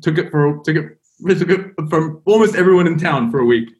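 A man, a podcast guest, telling a story in a casual, animated way, with lots of fillers and restarts. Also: a little high, brisk. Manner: animated, rambling, heavy on fillers.

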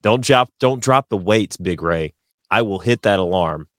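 A fairly low-voiced man chats as a podcast co-host, joking and ribbing his partner with rambling asides. The sound is dry and close. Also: expressive, a little slow, no echo. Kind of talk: casual chat.

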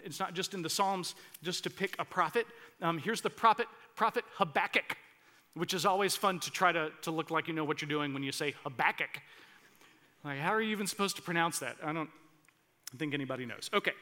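A man's voice: on the high side, a little fast, pushed and bright. A man preaching a sermon as pastor, earnest and rising to impassioned emphasis, with frequent restarts.

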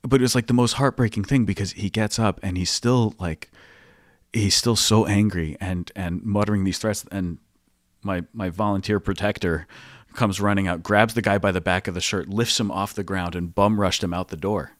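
A man's voice: lowish voice, normal speed, no echo, studio quality. A man, a priest hosting a podcast, telling casual anecdotes with lots of laughter. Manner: animated anecdotes, frequent laughter. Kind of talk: casual storytelling.

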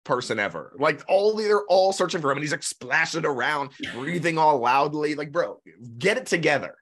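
A man co-hosting a podcast in casual chat, blunt and excitable, laughing often. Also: on the high side, normal speed. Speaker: podcast co-host.

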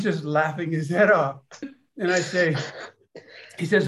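Guy rambling through a story, kinda high voice, lots of stops and restarts. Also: a bit bright, slight background noise. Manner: rambling, halting with many restarts. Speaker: storyteller at a gathering. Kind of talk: casual personal storytelling.

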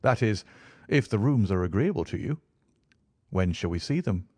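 Sherlock Holmes, eager and quick, as a man puts him on. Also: fairly low pitch, husky, dry recording. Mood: merry. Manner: quick, enthusiastic, lively. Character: eager brilliant young male detective.

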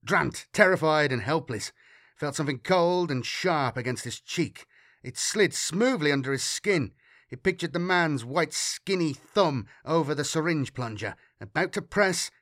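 A man's voice: a little high, lively intonation, unhurried, a bit bright, no echo. Man narrating in a dry, close sound. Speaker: audiobook narrator. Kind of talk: scripted narration.

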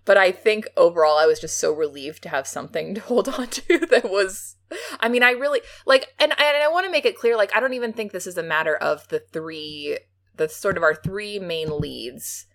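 Low-voiced chatty woman with gravelly fry. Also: moderate pace. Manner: chatty, animated, laughs often. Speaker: podcast co-host. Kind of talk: casual podcast film discussion.

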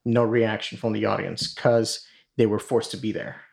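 A man's voice: lowish voice, fairly even intonation, normal speed, gravelly, a little mellow. A man hosting a podcast, casually retelling a story in a rambling way full of fillers and swearing. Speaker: podcast host.

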